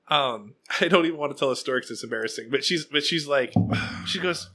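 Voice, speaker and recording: A young man hosting a podcast, telling an animated story in casual chat and acting out other people's lines. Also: medium pitch, fast. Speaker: podcast host.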